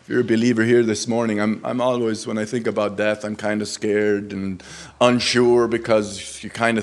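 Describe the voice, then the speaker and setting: Earnest plain-spoken man preaching. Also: on the low side. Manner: earnest, halting, plain-spoken, with restarts and rising emphasis on quoted Scripture. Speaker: lay preacher. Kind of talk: sermon. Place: church service.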